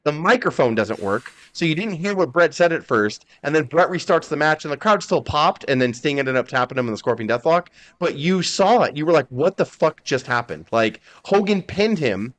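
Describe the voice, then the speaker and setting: A man's voice: on the high side, animated, a little fast, few pauses. A man hosting a wrestling podcast, recounting events in a heated, profane way. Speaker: podcast host. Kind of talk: casual chat.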